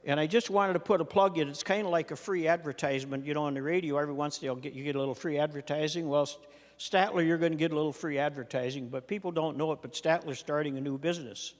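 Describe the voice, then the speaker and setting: A man's voice: on the high side, steady tone, fast talker. An older man from Minnesota, a retiring state senator, giving a farewell floor speech with folksy storytelling and dry humor. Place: legislative chamber. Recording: long reverb of a large chamber.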